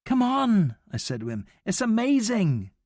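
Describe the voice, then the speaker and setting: A man's voice: high-pitched, huge pitch swings, measured pace, darkish tone, no echo, clean studio sound, voice pushed up, exaggerated voice. A man voicing a reckless young boy who taunts and begs his best friend in an audiobook. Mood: excited. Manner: eager, taunting.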